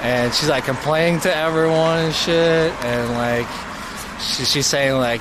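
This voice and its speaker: A young man streaming live, telling a story in a slangy, profane, animated way. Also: a little high, a little slow. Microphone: mobile streaming mic. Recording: loud street and traffic noise.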